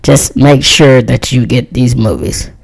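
A woman's voice: rumbling low, steady tone, unhurried, creaky, low-quality recording. A woman in her thirties chatting casually as host, reviewing movies in a rambling, friendly way and laughing often. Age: 30s. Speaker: podcast host.

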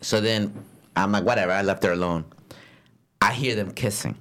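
A young man telling a story in a casual, profane chat, swinging into loud acted-out quotes. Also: lowish voice, normal speed. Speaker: podcast co-host and rideshare driver.

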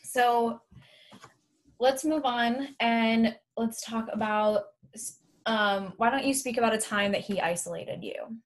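Interview host: a woman with a higher voice who asks her questions slowly and gently. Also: steady tone.

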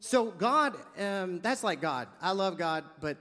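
A man's voice: high-pitched, measured pace, big-room sound. A man preaching a sermon, telling a funny story with lots of acted-out dialogue and comic asides. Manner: animated, jokey storyteller acting out dialogue.

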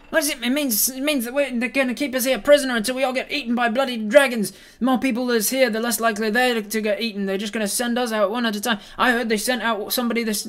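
A man voicing a panicked, furious male townsman ranting loudly at the guards. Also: very high voice, pitched above the performer's own voice. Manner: shouting, ranting.

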